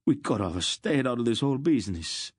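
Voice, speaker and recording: A man's voice: sing-song, brisk, darkish tone, breathy edge, dry recording, studio quality. A man voicing a frightened male merchant who wails and panics. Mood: panicked. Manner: shrill and wailing.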